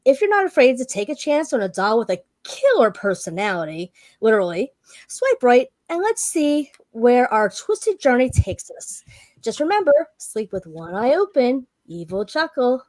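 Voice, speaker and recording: A woman's voice: on the high side, big pitch swings, normal speed, a little mellow, dry recording. Woman reading as Jasper, a folksy haunted doll. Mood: folksy sinister. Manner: folksy, mock-sweet dating-profile delivery. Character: male haunted hillbilly doll, folksy and sinister. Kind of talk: reading a character profile aloud.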